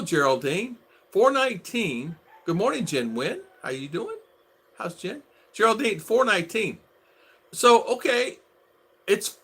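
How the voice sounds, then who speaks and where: Bright-voiced man chatting on a livestream. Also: fairly high pitch. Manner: thinks aloud, greeting viewers by name. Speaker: vlogger host. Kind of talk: casual livestream chat.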